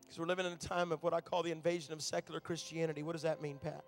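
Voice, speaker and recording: A man preaching a sermon to a church crowd, telling stories and building up to shouted, fervent climaxes. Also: on the high side, level tone, rapid-fire, soft background music. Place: church auditorium.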